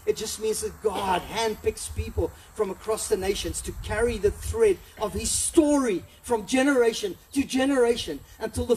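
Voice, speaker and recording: Animated high-voiced man preaching from afar. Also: recorded from a distance, a little hiss or hum, poor audio. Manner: animated, acts out the story in voices. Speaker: pastor. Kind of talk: sermon. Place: church hall.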